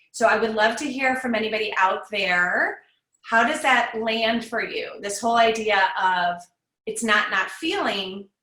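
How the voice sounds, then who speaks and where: A woman's voice: mid-range voice, bright, forceful tone, echoey room, rough recording. A woman speaking as a guest on an online parenting summit, teaching in an encouraging, conversational way over a video call. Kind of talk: live online summit talk.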